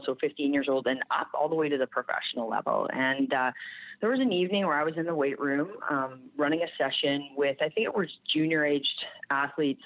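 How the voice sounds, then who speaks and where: A woman's voice: low voice, dry recording. A woman from Canada, a strength coach, telling a story in a candid, plain-spoken and reflective way in a podcast interview. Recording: tinny phone-like remote line.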